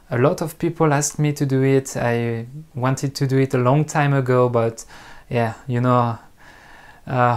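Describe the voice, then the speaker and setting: French guy talking english to camera, slow, careful, lots of uhs and restarts, teacher vibe. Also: medium pitch, darkish tone. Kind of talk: casual talk to camera.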